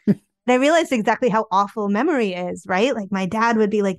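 A woman author telling candid family stories in an interview, chatty and animated, often saying "like". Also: mid-range voice, fairly quick, no room sound, studio quality. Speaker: memoir author guest.

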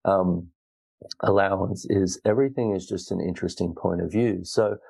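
A man with a very low, gravelly voice hosts a solo podcast. He speaks in an earnest, wandering self-help style, full of restarts. His tone is dark and mellow. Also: poor audio. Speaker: podcast host. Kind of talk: reflective solo podcast talk.

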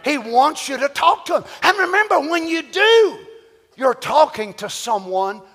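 A man preaching a sermon to a church congregation, animated and firing rhetorical questions. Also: very high-pitched, measured pace. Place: church sanctuary. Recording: long church-hall reverb.

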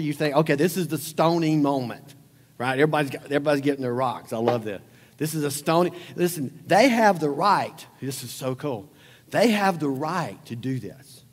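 A man preaching a sermon as pastor, conversational and animated, acting out scenes and closing in prayer. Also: on the high side, a little fast, big-room sound.

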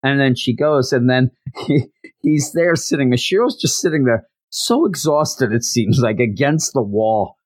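A man recapping an anime in a casual, animated storytelling way, with frequent stammers and restarts. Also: medium pitch, normal speed, no echo.

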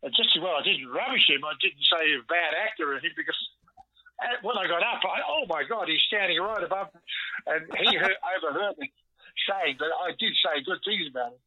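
An older man with an Australian accent phones in for an interview, telling animated stories. The line sounds dull and lo-fi, with no room sound at all. His voice sits a little high for a man. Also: a little fast, no room sound. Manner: animated anecdotes, acts out quoted lines. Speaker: guest actor. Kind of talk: storytelling interview.

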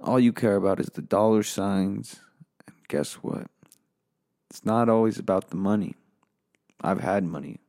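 Gravelly, bitter, foul-mouthed man ranting. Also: lowish voice, a little slow, long pauses, a little mellow, no echo, studio quality. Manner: bitter, weary, foul-mouthed, flaring into angry outbursts. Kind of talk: profane comedic rant monologue.

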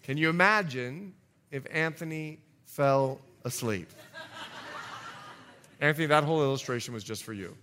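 A man preaching a sermon as pastor, telling a story with jokey asides and swinging between loud and hushed delivery. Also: a little high, moderate pace, pauses often, slight background noise.

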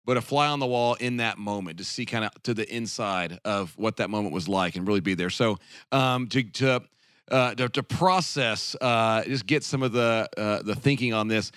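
A man's voice: on the low side, moderate pace, fairly bright tone, clear, resonant tone, no room sound. A man hosting a casual podcast discussion, rambling with restarts and laughing often, on a close mic. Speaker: podcast host. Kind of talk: casual chat.

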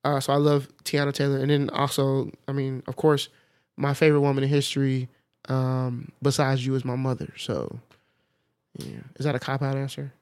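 Man, podcast co-host, casual chat, animated, laughs a lot, mid-range voice. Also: medium pitch, moderate pace, smooth. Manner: animated, laughing, many fillers.

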